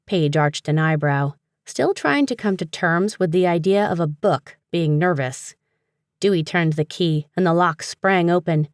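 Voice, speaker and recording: Low-voiced woman narrating an audiobook. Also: unhurried, no room sound, studio quality. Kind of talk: scripted narration.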